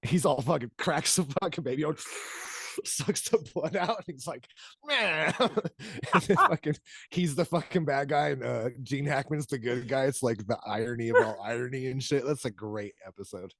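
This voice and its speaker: A man's voice: mid-range voice, moderate pace, vocal fry, dry recording. Chill joking guy asking interview questions, dry close sound. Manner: laid-back, laughing, playful. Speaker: interviewer, host. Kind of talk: casual interview chat.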